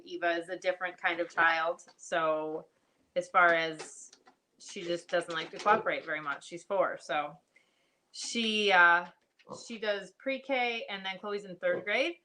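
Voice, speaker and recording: Bright-voiced chatty woman hosting a stream. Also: lowish voice. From United States. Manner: chatty, greets viewers by name, laughs often. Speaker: livestream host. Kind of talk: casual livestream chat.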